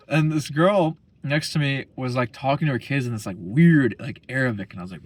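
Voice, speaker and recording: A man's voice: mid-range voice, expressive, quick pace, few pauses. A young man talking casually as a vlogger, rambling and profane, full of slang. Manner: slangy, profane, rambling, keeps saying bro.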